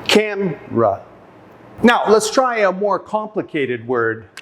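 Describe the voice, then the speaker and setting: A man teaching an English lesson, speaking slowly and deliberately, repeating and sounding out example words. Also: a little high, animated, slight background noise. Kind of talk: classroom lesson.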